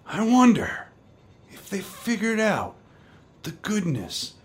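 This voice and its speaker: A man's voice: sits high, huge pitch swings, takes it slowly, full character voice. An actor playing a dim, dreamy male coworker with a dopey, musing delivery.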